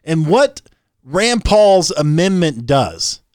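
A man co-hosting political commentary, his pitch swinging widely as he talks. He sounds incredulous and quick to joke, in a dry room with little echo. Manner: animated, incredulous, joking. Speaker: podcast co-host.

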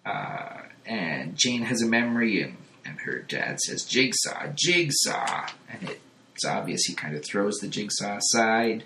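A male podcast host walks through a comic issue, telling it in a lively, animated way. His tone is crisp and forceful. The recording has a roomy echo. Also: on the low side, unhurried, a little hiss or hum. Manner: animated storytelling with chuckles. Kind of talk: casual comic-book recap.

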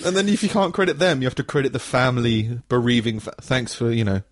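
A husky-voiced man co-hosting a loose, jokey podcast, with a tone that swings widely as he goes. He rambles, laughs often and swears freely, at a middle pitch. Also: animated, a little fast. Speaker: podcast co-host. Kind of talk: casual comedic chat.

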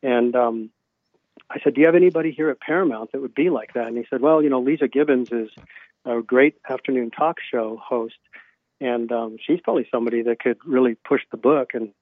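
Guesting on a casual interview, a self-published male author spins long, rambling stories full of fillers like um and you know, playing out each bit of quoted dialogue. His medium-pitched voice runs a little fast, arriving through a narrow, phone-like connection with a very dry, roomless sound.

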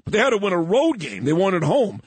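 A man's voice: high-pitched, wildly swooping pitch, fast talker, slightly rough, no echo. A man hosting a morning radio talk show, chatting casually, joking and talking sports. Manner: chatty, joking, coughing at times.

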